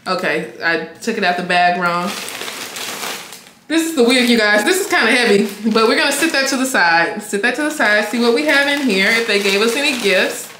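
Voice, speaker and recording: A bright, high-voiced young woman talks through an unboxing at home, excitable and quick to laugh. Her voice rings off the walls of an echoey room, with a faint hiss behind it. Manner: excitable, laughing, squealing bursts. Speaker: beauty vlogger. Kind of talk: casual unboxing vlog.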